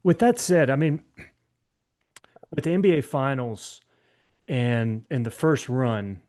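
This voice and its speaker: A man's voice: medium pitch, animated, slow pace, darkish tone. A man hosting a podcast interview, offering short encouraging responses and then leading into a casual question. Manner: brief encouraging backchannels, chatty. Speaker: podcast host.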